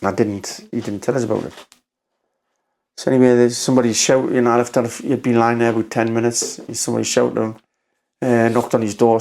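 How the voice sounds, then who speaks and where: A man with a Geordie accent, a podcast guest telling a story in a rambling, halting way, acting out quotes with "I says". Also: mid-range voice, creaky, darkish tone. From Newcastle, England. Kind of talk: casual storytelling conversation.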